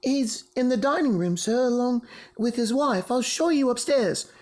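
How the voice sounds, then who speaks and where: A man's voice: very high-pitched, moderate pace, a little mellow, pitched above the performer's own voice. A man voicing a polite, eager young servant girl.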